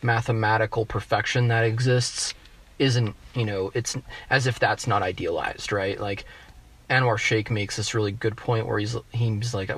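A man with a general American accent, a guest in a casual interview, talking in halting bursts full of restarts and fillers as he thinks aloud. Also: lowish voice, fairly even intonation, fairly bright tone. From United States. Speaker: guest economist.

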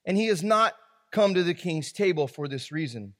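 Male preacher, very high voice, reads scripture and riffs on it casually, recorded in a reverberant hall. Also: lively intonation, normal speed, a bit bright. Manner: reads scripture aloud, then riffs in slangy asides. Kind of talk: casual Bible-study sermon.

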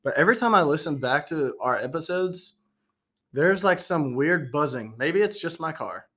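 A man's voice: fairly high pitch, lively intonation, a bit bright. A man co-hosting a podcast in casual banter, joking and swearing as he talks. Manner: joking, profane, quick to goof around. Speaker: podcast co-host. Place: studio or room with phones near the mic.

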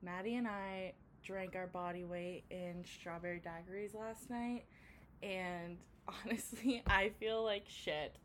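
A woman's voice: fairly low pitch, fairly even intonation, slow pace, a bit bright, slight background noise. Young canadian girl cohosting a podcast, tells stories, swears casually, playful. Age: young adult. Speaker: podcast co-host. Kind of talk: casual chat.

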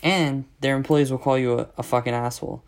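Man, mid-pitch, sarcastic profane ranter, casual vlog delivery. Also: steady tone, a little fast. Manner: exasperated, sarcastic, heavy swearing.

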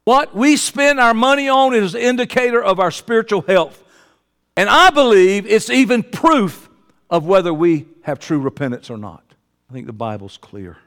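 Male pastor mid-sermon, very high, smooth, resonant voice carried by long hall reverb; shifts from loud high exclamations to low quiet asides. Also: lively intonation, normal speed.

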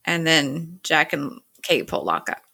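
A woman's voice: low voice, sing-song, a little slow, creaky, pushed and bright, slightly rough. A woman casually retelling a TV episode scene by scene, quoting the characters with "he's like" and "she's like". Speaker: show recapper.

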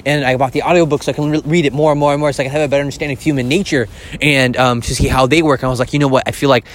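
A man hosting a casual solo podcast, rambling and excitable, swearing often and filling his talk with filler words. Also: medium pitch, racing, a little hiss or hum. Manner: rambling and profane, heavy use of filler words; excitable, gushing. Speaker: podcast host.

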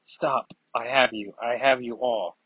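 A man voicing a calm, powerful woman telepath who speaks in a measured, commanding way. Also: mid-range voice, breathy edge, no room sound, dull audio.

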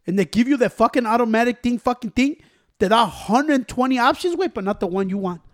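Man, casual chat, profane, animated, acts out other people. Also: extremely high pitch, fast, no room sound, studio quality. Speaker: storyteller among friends.

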